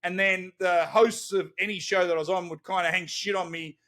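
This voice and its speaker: An Australian man telling lively stories in a casual podcast chat, laughing often as he talks. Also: high voice, fairly quick. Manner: animated storytelling, laughs often. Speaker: guest, celebrity interviewer.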